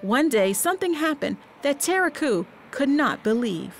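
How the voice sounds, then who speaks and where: A woman reading scripted documentary narration in a measured, even way. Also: high-pitched, faint music behind.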